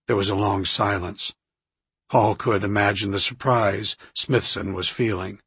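A man reading an audiobook aloud in a measured, even narration. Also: fairly low pitch, slightly rough, no echo.

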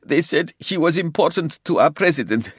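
A man's voice: fairly high pitch, expressive, moderate pace, fairly bright tone, husky, no room sound, studio quality, voice pushed up. A man voicing a wounded Russian agent who pleads and sobs under interrogation. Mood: terrified pleading. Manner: sobbing, pleading, gasping in pain. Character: wounded, terrified male Russian agent captive.

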